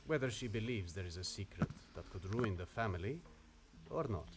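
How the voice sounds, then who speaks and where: A man's voice: fairly low pitch, lively intonation, a little fast, heavy background noise, close to an everyday voice. An actor playing an earnest, formal young man who is engaged to be married, in game audio with music behind.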